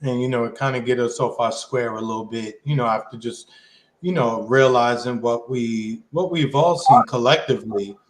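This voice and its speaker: A man's voice: mid-range voice, normal speed. Slangy man in an echoey room. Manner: casual slang, sarcastic. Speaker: political show co-host. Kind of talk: political debate.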